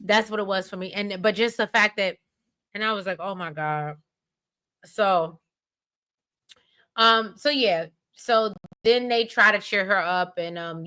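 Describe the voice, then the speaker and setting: An American woman chatting casually as a co-host, her voice bright and forward. She tells stories in an animated, rambling way, full of asides and sudden emphasis. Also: mid-range voice. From United States. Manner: animated, rambling, expressive storytelling. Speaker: podcast co-host. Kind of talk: casual recap chat.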